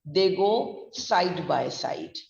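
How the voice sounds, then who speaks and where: A woman pronunciation trainer, teaching slowly and repeating words as drills, sometimes switching into Hindi. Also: on the low side, lively intonation, creaky, a little mellow. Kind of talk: classroom lecture. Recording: roomy echo from far off, dull audio.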